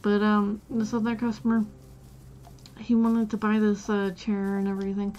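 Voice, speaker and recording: A woman's voice: medium pitch, monotone, moderate pace, mellow, muffled recording. A woman streamer chatting casually while playing a game, telling a rambling story full of "like" and restarts.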